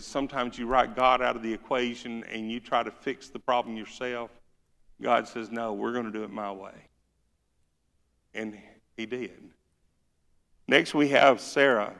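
In a church sanctuary with hall reverb, a male pastor with a Southern accent preaches in a folksy, joking style, reading scripture with building force. His mid-range voice is creaky and a bit bright.

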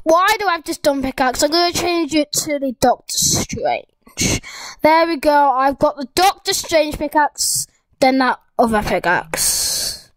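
A school-age girl giving excitable, rambling gameplay commentary as a gaming YouTuber, talking straight to her viewers. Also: high-pitched, unhurried, dry recording, poor audio.

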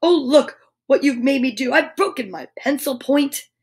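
A woman's voice: sits high, animated, moderate pace. Woman doing a stern toy policeman. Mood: flustered. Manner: stern, officious. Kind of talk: children's storybook read-aloud.

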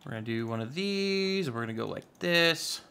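A man's voice: on the high side, animated, moderate pace, gravelly, pushed and bright, smooth. A man giving casual, chatty commentary while playing a modded block-building game, rambling with playful asides. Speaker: Minecraft YouTuber.

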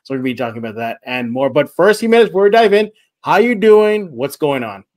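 Male sports podcast host, slightly high-pitched, energetic and rambling, loose conversational delivery. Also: quick pace. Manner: energetic, rambling, repeats himself. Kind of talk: sports podcast talk with read ads.

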